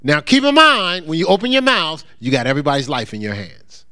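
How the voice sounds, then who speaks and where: In a loose, talky sermon, a middle-aged pastor imitates the people he's describing, so his fairly high voice keeps climbing and dipping. The delivery is animated and fairly quick, with a pushed, bright quality.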